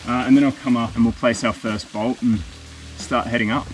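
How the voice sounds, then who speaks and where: A man with an ordinary mid-pitched voice talks in an upbeat, casual way while he works on the rock outdoors. Soft music runs faintly underneath him. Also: steady tone, fairly quick, poor audio. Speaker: vlogger climbing and bolting a new route. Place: outdoors at a cliff.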